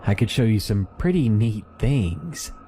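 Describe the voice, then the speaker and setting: A man's voice: lowish voice, very animated, measured pace, warm tone, soft background music. A man voicing a creepy, pushy hulking male trucker who talks in a coaxing, wheedling way.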